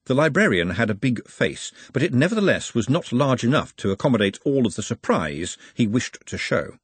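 A man narrating an audiobook in a wry, expressive way. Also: medium pitch, a little fast, slightly rough, no room sound. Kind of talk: scripted narration.

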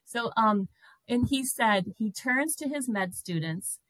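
A middle-aged woman guest telling a personal story in an animated way, breaking into laughter. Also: a little high, measured pace, no room sound, rough recording.

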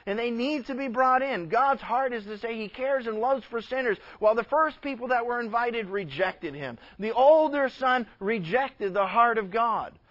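A pastor preaching with a high voice and earnest, emphatic delivery that sometimes drops to a hush. The recording is dull and slightly muffled. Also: male voice, animated, normal speed, hardly any pauses. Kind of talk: sermon.

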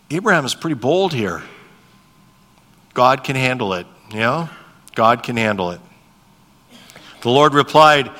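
A man's voice: mid-range voice, measured pace, pauses often. A man preaching a sermon as pastor, reading scripture and asking the congregation questions in a conversational way. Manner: reads dialogue with lively shifts. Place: church sanctuary. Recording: long hall reverb.

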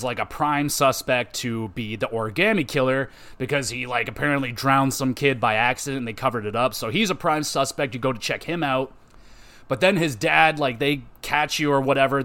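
A man hosting a gaming podcast, chatting casually and swearing a lot as he rambles through memories of playing a game. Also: mid-range voice. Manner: profane, rambling, animated retelling. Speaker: podcast host. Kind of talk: casual game review chat.

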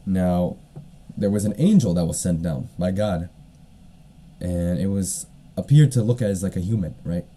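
A man's voice: deep voice, a little slow, warm tone. A man hosting a solo podcast, retelling a story in a casual, rambling way with lots of fillers and the odd cough. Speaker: podcast host.

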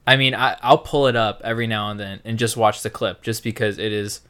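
A man's voice: on the low side, fairly even intonation, a little fast, fairly bright tone, smooth. Easygoing male podcast host. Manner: easygoing and agreeable, with short affirmations. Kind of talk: casual chat.

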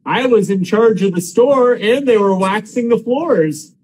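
A man's voice: high-pitched, animated, unhurried. A man hosting a casual podcast, talking loosely and sarcastically with plenty of swearing. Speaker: podcast host.

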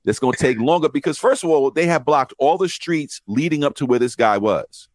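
A man telling rideshare driver stories in casual podcast chat, profane and animated, acting out the voices of people he quotes. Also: a little high, brisk, a little hiss or hum.

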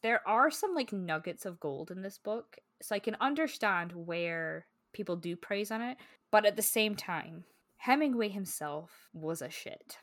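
A woman's voice: medium pitch, lively intonation, a little slow, fairly bright tone. A woman co-hosting a book podcast in casual chat, candid and rambling, swearing freely. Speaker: podcast co-host.

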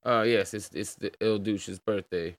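A man's voice: fairly low pitch, steady tone, a little slow, dry recording. A man with an American accent hosting a livestream in casual chat, laid-back and swearing freely as he greets viewers. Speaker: livestream host.

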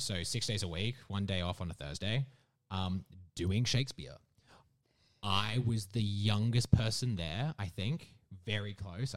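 A young man in his twenties with a mild Australian accent, telling stories in a casual interview and often slipping into the voices of people he quotes. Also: low-pitched. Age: 20s. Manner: animated, laughing, acts out quoted voices. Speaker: guest performer.

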